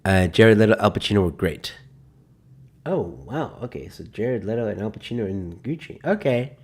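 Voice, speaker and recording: A man's voice: fairly low pitch, animated, moderate pace, a little mellow. A man hosting a live stream, chatting casually and joking sarcastically while he reads out film synopses. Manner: rambling, jokey and sarcastic, reading film synopses aloud. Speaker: host.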